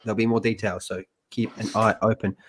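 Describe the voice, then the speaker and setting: A man's voice: on the low side, little pitch movement, brisk, fairly bright tone, slight background noise. A man hosting a casual reaction podcast, reading news aloud and trading profane jokes with co-hosts. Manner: joking, profane, banter with co-hosts.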